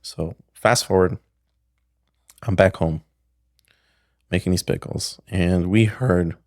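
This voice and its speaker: A man's voice: low voice, takes it slowly, darkish tone, no echo. A middle-aged man, a podcast guest, telling a story casually, rambling, with many restarts, on a close studio mic. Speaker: podcast guest, pickle maker.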